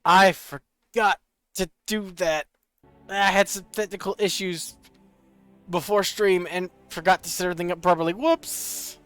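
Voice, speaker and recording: Excitable high-voiced male streamer. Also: unhurried, clean tone, no room sound, faint music behind. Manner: excitable, joking, laughs often. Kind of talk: casual gameplay commentary.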